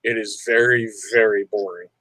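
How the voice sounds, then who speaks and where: A man's voice: on the low side, steady tone, normal speed, bright, forceful tone, dry recording. A man hosting a veterans' panel, asking questions and teasing his guests with dry jokes. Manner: teasing, wisecracking banter. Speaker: host of veteran discussion panel. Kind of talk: casual panel chat.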